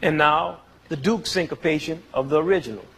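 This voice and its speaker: A man's voice: fairly high pitch, a little fast. A man teaching music to an audience in a playful, demonstrative way, joking and counting beats aloud. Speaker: music educator presenting to an audience. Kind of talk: playful lecture with spoken demonstrations. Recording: long reverb of a concert hall.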